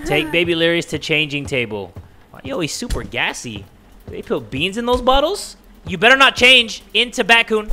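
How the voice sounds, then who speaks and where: A man's voice: high-pitched, wildly swooping pitch, normal speed, pushed and bright, slight background noise. A man doing jokey let's play commentary, talking to the game characters and yelping at jump scares. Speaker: gaming video creator.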